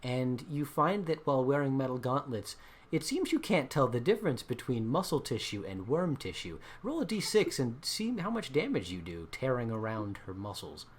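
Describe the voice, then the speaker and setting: A male dungeon master narrates the scene with lively, swinging pitch. He is playful and animated, breaking into laughs as he describes the action. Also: normal speed, husky. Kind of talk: narrating a tabletop game.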